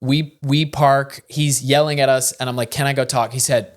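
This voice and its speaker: A man in the middle of a podcast story who keeps slipping into the voices of the people he describes. He talks in a relaxed, conversational way, with a pitch that sits in the middle range for a man. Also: moderate pace. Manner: animated storyteller who acts out the people in his stories. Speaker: podcast co-host. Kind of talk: casual chat, storytelling.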